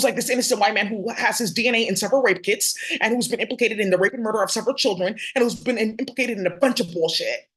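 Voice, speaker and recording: A woman's voice: medium pitch, a bit bright. A woman vlogging straight to camera in a heated, profane, confrontational rant.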